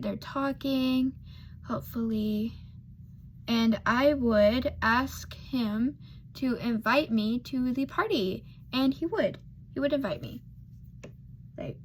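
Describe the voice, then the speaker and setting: An eighteen-year-old woman with a fairly high voice speaks slowly, murmuring asides as she does her makeup. She rambles casually through a personal story, packed with fillers and self-deprecating jokes, over slight background noise.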